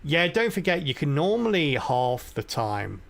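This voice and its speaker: A man's voice: fairly high pitch, big pitch swings, a little slow, creaky. A middle-aged man streaming a game live, rambling and thinking aloud as he plays. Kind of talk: live gameplay commentary.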